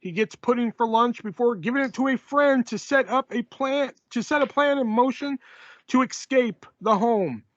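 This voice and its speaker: High voiced guy hosting a podcast, swears a lot, rambles on, dull dry sound. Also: normal speed, a bit bright, dry recording. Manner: rambling and profane, reads sponsor ads loosely. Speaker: podcast host. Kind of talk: casual chat.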